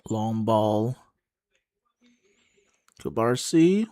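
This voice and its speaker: A man giving casual live play-by-play of a football match for a watchalong, slow and halting, pausing and musing between calls. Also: fairly low pitch, expressive, dark tone, no room sound, clean studio sound. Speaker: watchalong commentator.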